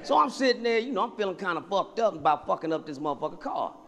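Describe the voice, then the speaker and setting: High-pitched guy doing stand-up, cussing a lot, acting out people, big echoey hall. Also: fast, creaky. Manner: profane, animated, acts out characters. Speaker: stand-up comedian. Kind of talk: stand-up storytelling. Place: theater stage before a laughing audience. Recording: live hall with long reverb, faint noise.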